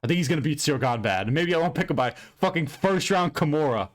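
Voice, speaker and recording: A man hosting an MMA recap channel, ranting loudly and profanely in an unscripted, rambling way. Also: fairly high pitch, expressive, fast talker. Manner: loud, profane, heated and emphatic; rambling with frequent restarts and fillers. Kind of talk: unscripted fight recap rant.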